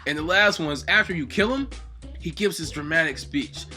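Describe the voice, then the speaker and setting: Dude ranting about game characters, cusses a ton, kinda high voice, faint music behind. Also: male voice, fairly quick. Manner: excitable and heavily profane; acts out game lines in loud bursts. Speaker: gaming video host. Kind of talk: casual ranking commentary.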